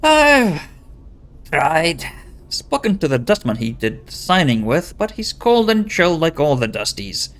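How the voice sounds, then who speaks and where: A man's voice: a little high, big pitch swings, slow pace, fairly bright tone, full character voice. A man voicing a wary, worried wife of a hot-tempered husband, in a put-on fake Scottish accent. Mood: resentful. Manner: hesitant, wary.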